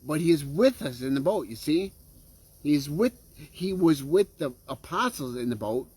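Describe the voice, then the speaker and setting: A man's voice: on the high side, expressive, normal speed, a little mellow, slightly rough. A man preaching a sermon in an earnest way, often checking in with listeners and restarting his phrases. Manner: earnest, checks in with listeners with frequent "okay?" and "right?".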